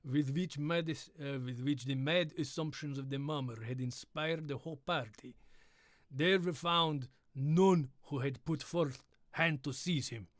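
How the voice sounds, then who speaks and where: Male streamer, playful reader of classic horror, slightly high voice, dry close mic. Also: unhurried, no echo. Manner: playful, breaks off to riff and try silly voices. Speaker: streamer reading aloud. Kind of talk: live-streamed reading with chat banter.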